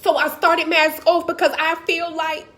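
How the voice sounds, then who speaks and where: A woman's voice: very high-pitched, little pitch movement, moderate pace, pushed and bright. A woman, giving an impassioned, emotional personal monologue as a motivational speaker. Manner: impassioned, talks straight to the audience.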